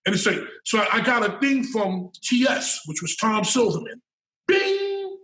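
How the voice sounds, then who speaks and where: A man's voice: high voice, normal speed, pushed and bright, distant mic. A man as a podcast guest, telling stories in a casual interview, emphatic and profane, often repeating words as he builds a point. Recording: roomy and off-mic.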